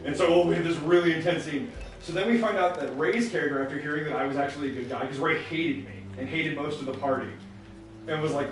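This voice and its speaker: Recorded off-mic in an echoey room with slight background noise, a let's play co-host tells a long tabletop game story while playing a video game. He's animated and acts out the characters he quotes. His voice sits on the high side and his pace is quick.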